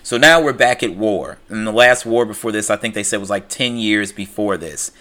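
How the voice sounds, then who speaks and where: A man's voice: on the low side, moderate pace, pushed and bright. A man casually retelling a film's plot, full of fillers and "he's like" quotes. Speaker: film recapper. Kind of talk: casual spoken film recap.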